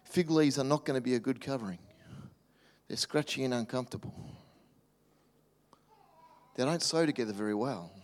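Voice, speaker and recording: Preacher in an echoing hall. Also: male voice, mid-range voice, normal speed, pauses often. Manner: animated, acts out quoted voices, drops to soft near-whispers. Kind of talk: sermon. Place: church hall. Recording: reverberant hall.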